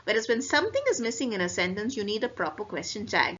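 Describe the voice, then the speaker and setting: A woman French teacher with an Indian English accent, giving a classroom grammar lecture and explaining step by step while repeating example phrases slowly. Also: mid-range voice, expressive, fairly bright tone, lo-fi sound.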